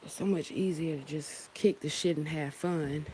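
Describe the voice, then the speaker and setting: A woman's voice: low voice, fairly even intonation, moderate pace, warm tone, a little hiss or hum. A woman hosting a casual spiritual livestream, talking in a loose, heartfelt, profane way, often stopping and starting again. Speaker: livestream host.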